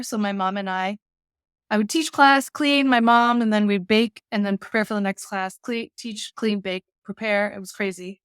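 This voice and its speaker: A woman from Canada telling stories in a casual interview, animated, with quick asides and acted-out quotes. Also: medium pitch, clear, resonant tone, dry recording, studio quality. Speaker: guest, baker and culinary teacher.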